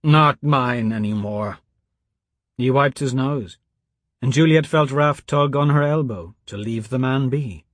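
A male audiobook narrator reading in a measured, quiet way. His voice is husky and middle-pitched. The recording is close and dry. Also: dry recording.

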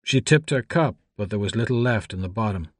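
In scripted audiobook narration, a fairly low-voiced man tells the story with an even, measured delivery, and no room sound can be heard.

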